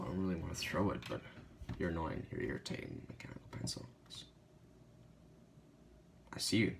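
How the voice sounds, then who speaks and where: A man's voice: deep voice, sing-song, a little fast, gravelly, pauses often, noisy background. A young man recording an advice video, stumbling over his script and mocking his own mistakes. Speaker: vlogger filming outtakes.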